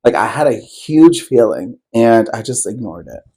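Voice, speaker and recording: A man's voice: medium pitch, lively intonation, moderate pace, warm tone, slightly rough, poor audio. A man co-hosting a podcast, telling a personal story in loose, rambling casual chat, full of fillers and swearing. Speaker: podcast co-host.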